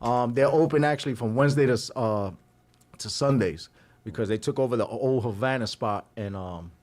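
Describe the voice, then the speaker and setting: A man, a podcast host telling a story in a casual, animated way, laughing often and acting out what others said. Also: mid-range voice, fairly quick. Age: 40s.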